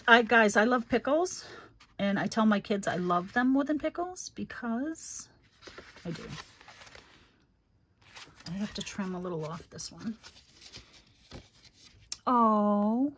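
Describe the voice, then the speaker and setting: A woman's voice: a little high, animated, slow, pauses often, a little hiss or hum. A middle-aged woman hosting a crafting livestream, chatting casually and fondly, calling viewers honey and rambling with many fillers.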